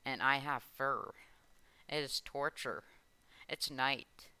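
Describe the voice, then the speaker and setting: Slow-talking man with a bright, clear voice. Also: mid-range voice, no echo. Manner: rambling, self-correcting, talks to himself. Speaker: YouTuber playing a Minecraft roleplay. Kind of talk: casual gameplay roleplay commentary.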